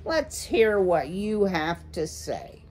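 A woman's voice: mid-range voice, big pitch swings, slow pace, darkish tone. A woman voicing a menacing, snappish male horned owl in a read-aloud storybook. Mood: gruff, impatient. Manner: snarling, snappish.

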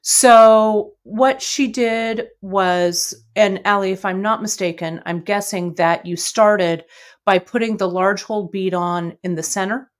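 Slow chatty middle-aged lady hosting a bead shop live stream, lots of ums, greets everyone. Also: mid-range voice, fairly even intonation. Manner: chatty, warm greetings to viewers, many fillers. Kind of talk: casual live-stream chat and jewelry demo.

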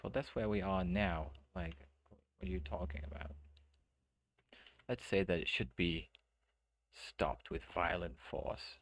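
A man streaming a game live, chatting casually and thinking out loud with many restarts. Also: low voice, steady tone, a little slow, long pauses, dry recording. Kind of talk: casual let's-play commentary. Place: home streaming setup.

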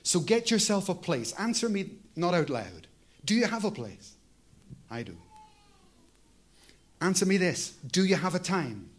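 A male pastor with a fairly high voice delivers a sermon in a chatty, conversational way. He keeps turning to the congregation with questions and calls of "Amen?". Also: very animated, unhurried, pauses often.

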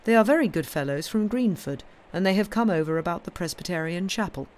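A small, unremarkable priest speaks quietly and calmly, in a dull, even voice. A woman puts him on while reading a story aloud. He sounds settled and unhurried. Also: on the low side, close to an everyday voice. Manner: quiet, calm, colourless.

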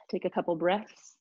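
A woman teaching a live online yoga class, giving calm step-by-step cues between sighs and exhales. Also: fairly low pitch, slightly rough, dull audio. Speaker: yoga instructor.

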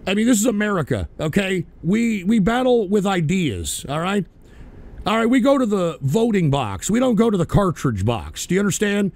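This is a man with a high, gravelly voice, running a live internet talk show. His pitch swings all over the place as he curses and shouts irritably at the trolls in his chat. He sounds fed up and combative. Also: very animated, moderate pace. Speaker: livestream talk show host. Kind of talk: live call-in radio rant.

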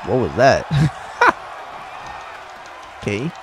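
A man giving casual, excitable commentary while playing a wrestling video game, teasing and talking to the characters on screen. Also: mid-range voice, very slow, a crowd in the background, background noise. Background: game music.

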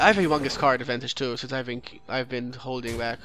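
A man's voice: mid-range voice, fairly even intonation, fast talker, fairly bright tone. A man narrating his own card game run as a let's play host, thinking aloud, correcting himself mid-sentence and picking apart his opponent's moves. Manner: critiques the opponent's plays. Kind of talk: gameplay commentary.

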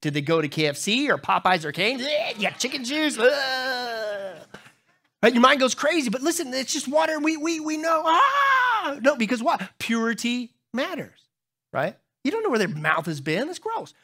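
A middle-aged pastor preaches a sermon at normal speed, telling funny stories and talking to the congregation. He is animated, jumping into high, squeaky voices whenever he acts out other people.

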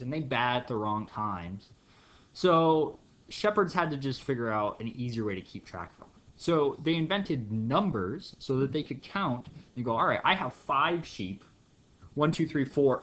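Guy doing a goofy math lesson, middle pitch, kinda dull lo-fi audio. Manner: playful storytelling with acted bits. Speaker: math teacher. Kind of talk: jokey classroom lecture.

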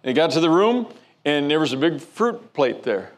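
A man's voice: a little high, sing-song, normal speed. A man preaching a sermon as pastor, telling a story with frequent stammered restarts.

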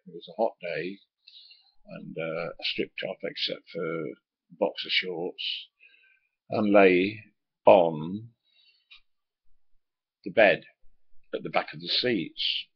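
A low, husky-voiced Englishman rambles through an old story from his trucking days. He drops in casual swearing and plenty of hesitations. The sound is dry and a little dull, as if recorded on a lo-fi mic. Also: slow, pauses often, dry recording. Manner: swears casually, many ums and asides. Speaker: former truck driver. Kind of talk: rambling spoken anecdote.

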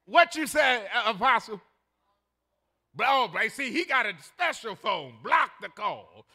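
An older male pastor preaches in a folksy, storytelling way and breaks into shouts for emphasis. His voice sits very high for a man and sounds bright, with a lively, swinging pitch. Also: a little slow, slightly rough. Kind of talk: sermon.

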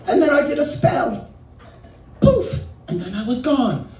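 A man's voice: very high voice, big pitch swings, measured pace, a little mellow. A man doing a profane, absurd stand-up set in a small bar, jumping between tangents. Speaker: stand-up comedian. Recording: echoey bar room, distant mic.

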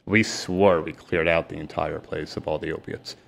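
A middle-aged man, a sports agent telling his story candidly in an interview, emphatic and retelling dialogue in rapid bursts. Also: very deep voice, steady tone, vocal fry, a bit bright. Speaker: guest, sports and celebrity agent.

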